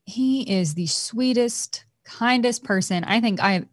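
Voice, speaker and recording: A woman's voice: a little high, measured pace, no echo, studio quality. A woman in her thirties co-hosting a podcast, chatting casually and laughing easily. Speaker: podcast co-host. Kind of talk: casual chat.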